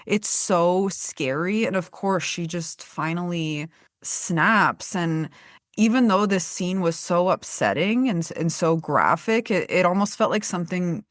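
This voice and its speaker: An earnest woman hosting a podcast, with a lower voice for a woman. She talks in a reflective way and draws out her guest with open questions. Her voice sounds close and dry, with no room around it. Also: expressive, measured pace, dry recording. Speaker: podcast host. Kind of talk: conversational podcast discussion.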